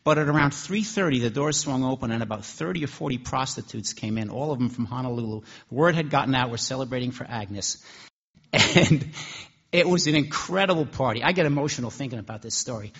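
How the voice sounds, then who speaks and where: Brief: male preacher, mid-pitched and slightly husky, chatty storytelling in a sermon. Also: a little fast, a bit bright, lo-fi sound. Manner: conversational, with restarts.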